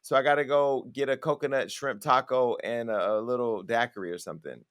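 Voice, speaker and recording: A man's voice: medium pitch, fairly even intonation, fairly quick, fairly bright tone, clear, resonant tone. A man hosting a talk show, speaking bluntly and joking in casual chat with his co-hosts. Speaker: host.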